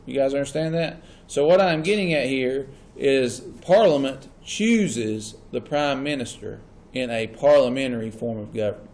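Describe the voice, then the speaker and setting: Man, classroom teacher, mid-pitched, checks in with students. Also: normal speed, few pauses, a little mellow. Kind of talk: classroom lecture.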